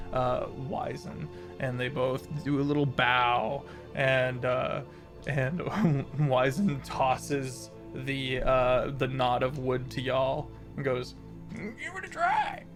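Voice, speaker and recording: A man's voice: medium pitch, little pitch movement, slow pace, over music. A man narrating a tabletop game as game master, describing scenes with many fillers.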